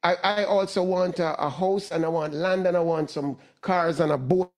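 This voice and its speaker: A man's voice: high-pitched, fairly even intonation, normal speed, darkish tone, lightly acted. A man voicing a young wife in a joke. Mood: eager. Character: young wife wanting house and cars.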